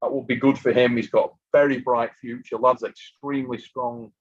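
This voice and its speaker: A man's voice: mid-range voice, level tone, moderate pace. A man hosting a casual live stream, chatty and worn out from lack of sleep, reading out viewer messages. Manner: chatty, reads out super chats. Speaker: host of an armwrestling live stream. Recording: muffled lo-fi live stream audio.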